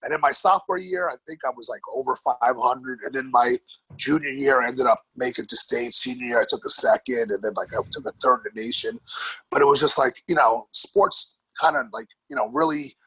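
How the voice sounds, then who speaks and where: A man in his forties from New York, casually telling his life story in an interview, animated and swearing freely. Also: medium pitch, brisk, husky, no room sound, low-quality recording. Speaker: podcast guest, grappling coach.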